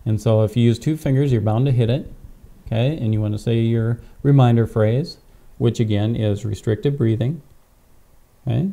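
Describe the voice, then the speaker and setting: Brief: dark, gravelly male pastor, patient step-by-step instructor, clip-on mic. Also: medium pitch, normal speed. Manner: patient, step-by-step, frequent "okay?" check-ins. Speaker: pastor teaching tapping technique. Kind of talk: instructional demonstration. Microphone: clip-on microphone.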